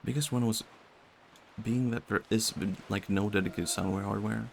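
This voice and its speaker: A young man with a Swedish accent and vocal fry, chatting softly and musing aloud while streaming a game. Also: fairly low pitch, steady tone, normal speed, a little hiss or hum. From Sweden. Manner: soft-spoken, musing, talks to chat. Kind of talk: casual game-stream chat.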